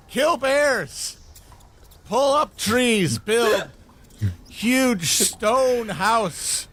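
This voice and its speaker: A wild barbarian raised in the forest, his voice pitched up high and swinging widely as he drags out each word. He speaks in blunt, broken fragments of one or two words. Faint ambience hums behind him. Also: fairly bright tone, a little hiss or hum, full character voice. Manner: halting caveman speech, one or two words at a time. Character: forest-raised barbarian man, simple and fierce. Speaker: player.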